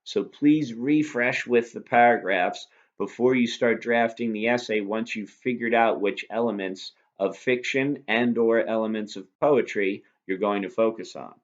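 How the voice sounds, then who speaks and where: A man's voice: mid-range voice, lo-fi sound. A man teaching a recorded lesson, explaining patiently and asking rhetorical questions. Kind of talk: recorded lecture review.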